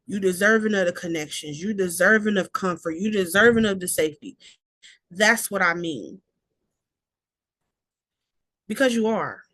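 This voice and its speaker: Slow, warm-hearted self-care host woman. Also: mid-range voice, no echo. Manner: affirming, repetitive, playful asides. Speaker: podcast host. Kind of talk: reflective self-care talk.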